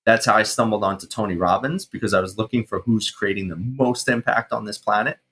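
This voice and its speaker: Man in his thirties, low voice, forceful tense delivery, casual swearing, animated storytelling. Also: a little fast, breathy edge. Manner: animated, swearing, reenacts his own shouting. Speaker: guest, mindset coach and firefighter.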